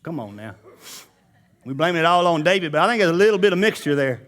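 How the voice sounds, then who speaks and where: High-voiced man preaching a sermon. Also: big pitch swings, fast talker, fairly bright tone. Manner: conversational, addresses the congregation directly. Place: church.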